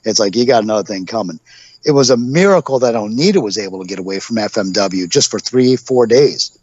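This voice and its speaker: A man's voice: on the low side, lively intonation, brisk, a little mellow, slightly rough. A man telling road stories as a podcast guest, rambling through anecdotes full of fillers. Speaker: podcast guest, pro wrestler. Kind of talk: casual storytelling interview. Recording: dull lo-fi podcast audio.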